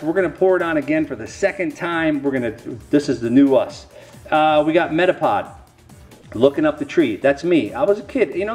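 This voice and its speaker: A middle-aged man rambling casually to camera while opening card packs, with self-mocking, folksy asides. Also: a little high.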